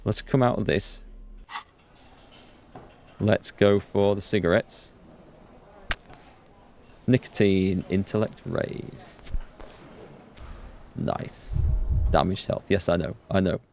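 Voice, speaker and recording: A man's voice: sits low, takes it slowly, gravelly, long pauses, darkish tone, a little hiss or hum. A man hosting a let's play, reading game text aloud and commenting casually with frequent chuckles.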